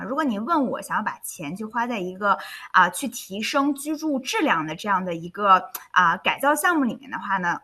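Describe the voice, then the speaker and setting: Bright-voiced woman hosting a webinar. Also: medium pitch. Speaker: webinar host and interpreter. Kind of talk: hosting a webinar, switching between Chinese and English.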